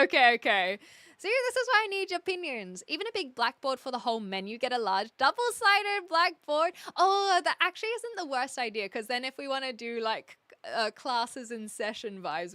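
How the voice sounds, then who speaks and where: A young woman live streamer chats casually with her viewers, reading their comments aloud and thinking out loud in a chatty, indecisive way. Her pitch is fairly high, and there's no echo.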